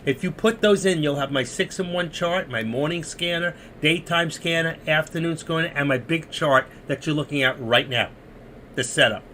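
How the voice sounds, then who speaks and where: This man's voice sits on the high side, bright and forceful, at a normal speed with a little background noise. In a casual live stream he walks viewers through trading chart setups, rambling and muttering to himself as he hunts around the screen, like an offhand screen-share tutorial.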